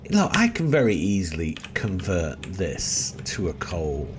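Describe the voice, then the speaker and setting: A middle-aged man with a lowish voice rambles through his gameplay commentary, swinging his pitch up and down as he jokes at his own expense. He often drops into quiet muttering to himself, and a clear hum of outdoor noise with seagulls sits behind him. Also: wildly swooping pitch, a little slow. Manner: chatty, self-deprecating, mutters to himself while playing. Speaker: let's play host. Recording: noisy background with seagulls.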